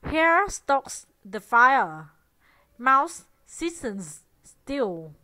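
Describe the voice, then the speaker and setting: A woman from Vietnam reads a children's picture book in English, gently and deliberately. Her voice is slightly high, and she takes each phrase very slowly. The recording is dry and close, with no room sound. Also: big pitch swings, no room sound, poor audio. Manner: slow, deliberate, gentle reading. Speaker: children's storyteller.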